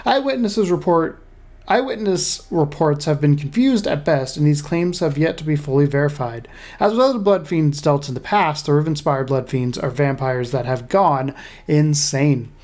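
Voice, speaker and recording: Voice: medium pitch, normal speed, a little mellow, close to an everyday voice. A gamer doing a grave British lore narrator. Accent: put-on British. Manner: dramatic, stumbles over hard sentences. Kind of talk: reading in-game lore aloud.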